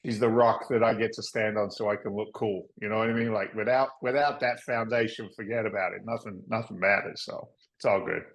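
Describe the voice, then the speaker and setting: A man in his fifties from England, with an English accent tinged by Boston, telling stories as a podcast guest in a lively, joking way. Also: fairly low pitch, a little fast, few pauses, poor audio. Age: 50s. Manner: lively, jokey, acts out voices. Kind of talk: animated interview storytelling.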